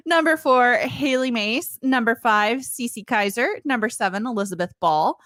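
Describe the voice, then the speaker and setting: An American woman co-hosting a casual fan podcast, giddy and quick to laugh. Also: on the high side, a bit bright, no echo, studio quality. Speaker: podcast co-host.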